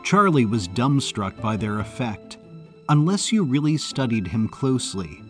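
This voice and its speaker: Slow, measured male audiobook narrator. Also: medium pitch, very animated, faint music behind.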